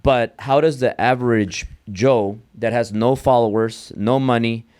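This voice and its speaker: A man's voice: mid-range voice, steady tone, unhurried, darkish tone, clean tone. A man hosting a podcast, agreeing often and asking long rambling questions. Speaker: podcast host. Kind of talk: casual interview.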